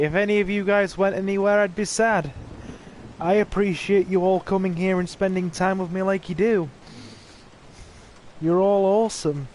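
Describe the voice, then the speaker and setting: A man with a high-pitched, slightly mellow voice streams a horror game over slight background noise. He chats casually with viewers in laid-back commentary, reading their comments aloud and adding jokey asides.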